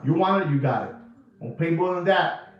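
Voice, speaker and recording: A man's voice: a little high, expressive, normal speed. A man giving blunt watch market updates in repetitive street talk, dropping in Spanish slang. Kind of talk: casual video talk. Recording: very echoey room, distant mic, dull sound, faint music.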